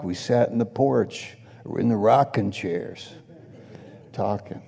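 A slow-talking preacher man with a gravelly, mellow voice tells stories from the pulpit, laughing and acting out quotes as he goes. His voice carries a long echo, as if he is in a big church hall. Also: lowish voice. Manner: chatty anecdotal preaching with laughs and acted quotes. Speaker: pastor. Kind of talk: sermon storytelling.

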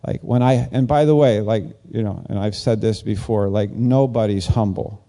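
A man giving a casual, conversational sermon as a pastor, rambling and animated, jumping up in pitch when he acts out quoted lines. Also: normal speed.

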